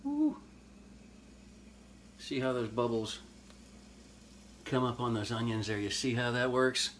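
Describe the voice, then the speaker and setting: A horror movie host runs a casual cooking segment at the stove of a home kitchen, speaking at normal speed in a mid-range, level voice. His talk is folksy and jokey, full of hip slang. Loud sizzling and frying fill the background, with a little hiss or hum.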